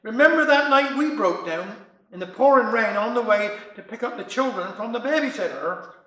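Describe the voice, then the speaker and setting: Brief: a man as a reproachful wife, nagging, bright and high. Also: animated, moderate pace, roomy sound, full character voice. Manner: nagging, reasoning. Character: reproachful Cornish wife woken at night.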